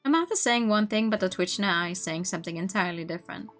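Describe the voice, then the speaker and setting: A woman streamer narrating a visual novel aloud in an expressive, playful way, breaking off into laughing asides. Her voice sits at a middle pitch, and faint background music plays underneath. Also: very fast.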